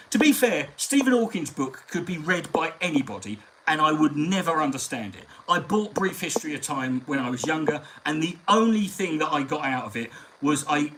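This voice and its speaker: A man hosting a live stream, talking in a rambling, sweary, animated way. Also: on the high side, noisy background. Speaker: comedian and live-stream host. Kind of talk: casual live-stream chat.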